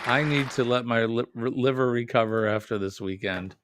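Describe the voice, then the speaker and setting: A man's voice: medium pitch, moderate pace, fairly bright tone, some chatter behind, a little hiss or hum. A man hosting a casual live stream, chatting and joking with viewers as he answers their comments. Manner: chatty, reads out viewer comments and jokes with them.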